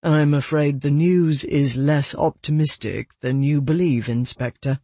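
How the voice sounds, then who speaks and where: A man's voice: fairly high pitch, fairly even intonation, measured pace, dark tone, dry recording. A narrator voicing a grave, reserved aristocratic man in an audiobook.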